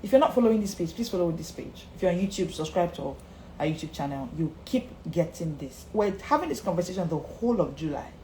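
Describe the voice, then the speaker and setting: Emphatic woman coach, lively pitch. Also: fast talker, slight background noise. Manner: emphatic, repeats key lines, greets viewers by name. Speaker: confidence coach. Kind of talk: live-streamed motivational talk. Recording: echoey room with faint ambience.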